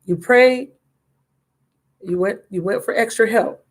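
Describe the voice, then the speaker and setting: A woman's voice: medium pitch, slow. Chatty woman giving a tarot reading. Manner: chatty, affectionate, reads card texts aloud. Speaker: tarot reader. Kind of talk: live tarot reading and chat.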